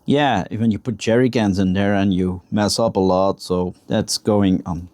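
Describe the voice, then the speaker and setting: A man with a fairly low voice chats casually through a walkthrough of his hobby project. He talks in a halting way, often stopping to search for the right words. He sounds like he is recording in a home workshop. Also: steady tone, a little mellow, dry recording, studio quality. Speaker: hobby builder showing a model truck project. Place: home workshop with a spray booth.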